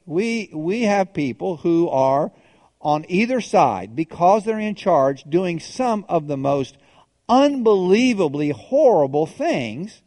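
A man's voice: on the high side, a little mellow, no echo, in a large hall. A male pastor preaching a sermon in a conversational way, asking the congregation questions and often restarting his sentences.

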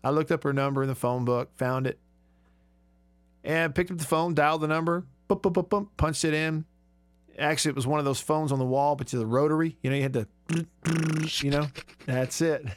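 Brisk and smooth, this fairly high-pitched voice holds a steady tone. It belongs to a 30-something Alabama radio host chatting from the studio and poking fun at himself as he tells stories.

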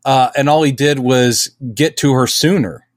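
A middle-aged man co-hosting a podcast in casual chat, animated and putting on silly voices when quoting. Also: mid-range voice, moderate pace, no echo, studio quality. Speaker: podcast co-host.

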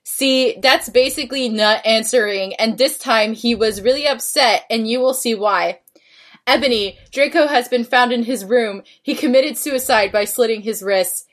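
A woman's voice: fairly high pitch, normal speed, a bit bright. A woman co-hosting a podcast, reading a text aloud for comedy with wry asides. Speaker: podcast co-host.

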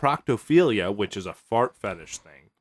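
Man, podcast host, casual comedy chat, lively swooping pitch, storytelling. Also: normal speed. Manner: animated, storytelling with laughing asides.

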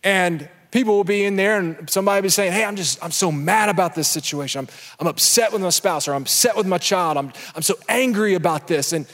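A young man preaching an energetic sermon to a church crowd, sometimes breaking into shouts. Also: high-pitched, normal speed. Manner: energetic, building to shouts, with acted asides. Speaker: pastor. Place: large church hall. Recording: echoey church hall with long reverb.

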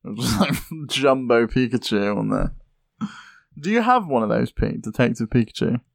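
A man co-hosting a casual gaming podcast, laid-back and teasing, with halting starts. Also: mid-range voice, lively intonation, vocal fry, no room sound, studio quality. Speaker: podcast co-host.

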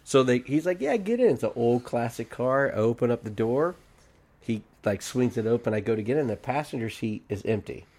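A young adult man spins a long, profane story among friends at an ordinary pitch. He jumps in and out of the voices of the people in it. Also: fairly quick. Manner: animated, profane, acts out quoted voices. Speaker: barbershop podcast host telling a story.

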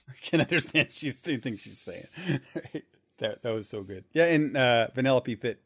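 A man's voice: medium pitch, lively intonation, measured pace, fairly bright tone, husky. A man co-hosting a podcast in casual chat, laughing often and repeating words as he thinks. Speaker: podcast co-host.

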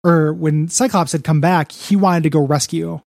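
A man's voice: a little high, fairly even intonation, moderate pace, vocal fry, darkish tone, dry recording, studio quality. A man co-hosting a podcast, recapping a comic book in casual, rambling chat full of "you know" and "like". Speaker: podcast co-host.

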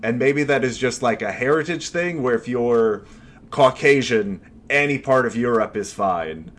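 A man at an ordinary middle pitch co-hosts a relaxed movie review chat. He rambles and thinks out loud, padding his points with filler words as he goes. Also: a little slow. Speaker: podcast co-host.

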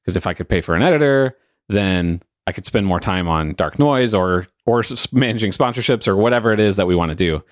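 A man's voice: fairly low pitch, animated, brisk, no room sound, studio quality. A man hosting a podcast, thinking aloud in casual chat with hesitant restarts. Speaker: podcast host.

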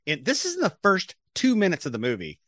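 A man's voice: high voice, wildly swooping pitch, fast, fairly bright tone, dry recording, studio quality. A man co-hosting a podcast, recapping a movie in casual, jokey chat with many fillers. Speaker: podcast co-host.

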